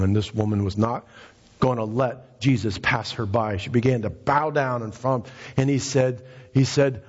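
Husky-voiced man preaching in a church. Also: moderate pace, in a large hall, dull audio. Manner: impassioned preaching, rising in pitch for emphasis. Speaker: pastor. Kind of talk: sermon. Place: church sanctuary.

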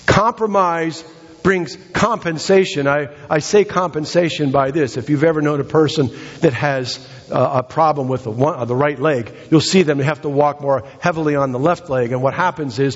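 An American pastor preaches with emphatic repetitions, his voice husky and fairly high. The sound is dull and lo-fi. A long hall reverb trails his words through the church. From United States. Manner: emphatic preaching with repetitions and sudden pitch swings. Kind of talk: sermon. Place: church sanctuary.

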